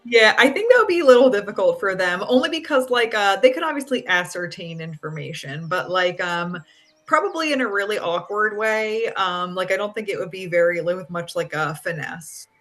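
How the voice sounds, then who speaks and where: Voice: mid-range voice, animated, a little fast, a bit bright. Hesitant player, "like" after every few words. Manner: hesitant, heavy use of "like". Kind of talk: casual chat.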